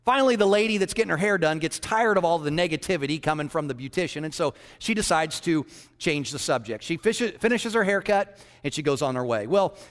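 Lively, high-voiced joking pastor. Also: male voice, a little fast, in a large hall. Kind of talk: sermon with a joke.

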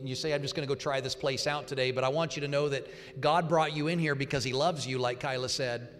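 A man preaching as a pastor, giving an altar call and leading a loud, fervent prayer in a church. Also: medium pitch. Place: church sanctuary. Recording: reverberant hall with faint music.

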